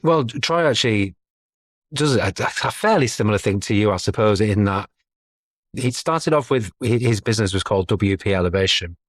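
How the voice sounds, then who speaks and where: A middle-aged man chats as a podcast guest in a low, easygoing voice. He is self-deprecating and breaks into laughter between his thoughts. The sound is dry and close to the microphone. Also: expressive, moderate pace, no room sound. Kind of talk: casual conversational interview.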